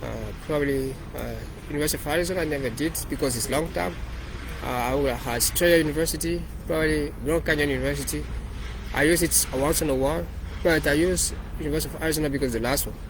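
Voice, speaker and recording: A man's voice: a little high, quick pace, background noise. Rambling man walking through his code. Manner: rambling, repeats and restarts phrases. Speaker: developer presenting his project. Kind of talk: casual walkthrough of code.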